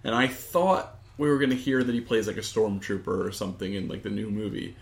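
A man's voice: lowish voice, a little fast. A man co-hosting a casual chat, playful and joking. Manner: playful, joking, laughs often. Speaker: podcast co-host.

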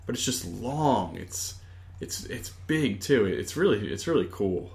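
A man's voice: fairly low pitch, animated, a little slow, creaky, a little mellow. A man co-hosting a casual chat, playful and joking. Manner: playful, joking, laughs often. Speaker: podcast co-host.

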